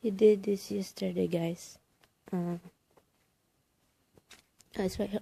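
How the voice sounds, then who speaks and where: Vlogging from inside her house as it gets painted, a Filipino woman chats away, laughing at herself with plenty of exclamations. Her medium-pitched voice is steady, slow and mellow with some vocal fry, and the recording quality is low.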